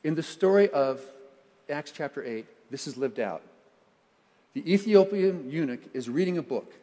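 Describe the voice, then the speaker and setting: A pastor delivers his sermon in a lively, playful way, acting out voices and tossing in sound effects. His voice sits a little high for a man. The long reverb of the sanctuary hangs after each phrase. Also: moderate pace. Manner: animated, playful preaching with sound effects and acted quotes. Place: church sanctuary.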